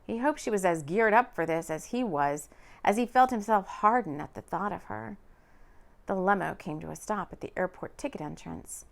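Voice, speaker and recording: A woman narrating a romance audiobook in an expressive, lively reading. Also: mid-range voice, normal speed, vocal fry.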